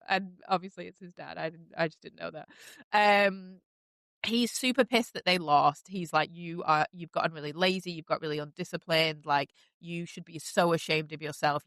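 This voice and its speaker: A chatty woman, talking loosely through a recap full of fillers and sudden gushing. Her voice is bright and crisp, close and dry on the mic, a little low for a woman. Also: no room sound. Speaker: podcast host recapping a TV series. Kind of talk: casual recap chat.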